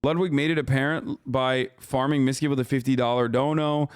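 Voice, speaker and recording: A man's voice: medium pitch, steady tone, brisk, clear, resonant tone, no echo. A man in his thirties doing live-stream reaction commentary, ranting at his chat in a profane, combative way on a close streaming mic.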